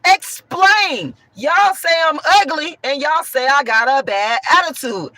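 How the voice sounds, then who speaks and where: A woman with a hoarse voice, talking bluntly and profanely while answering chat on a livestream. She swings from a raised voice to soft talk. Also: high-pitched, lively intonation, moderate pace, no room sound. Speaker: online commentator.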